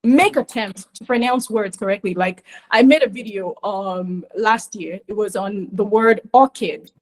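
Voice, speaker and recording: A woman from Nigeria, giving an emphatic, animated webinar talk on pronunciation. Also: mid-range voice, unhurried, poor audio. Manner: emphatic, animated, often acts out mispronunciations.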